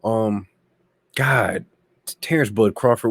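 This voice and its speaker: A man hosting a boxing channel, giving slangy, animated casual commentary that often repeats itself. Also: medium pitch, normal speed, no room sound, studio quality.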